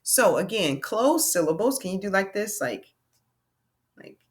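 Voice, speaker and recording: A woman's voice: mid-range voice, expressive. Woman teaching phonics, sounding out vowels. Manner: slow, drawn-out sounding of letters and vowel sounds; encouraging, checks in with "okay?". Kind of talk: children's phonics lesson.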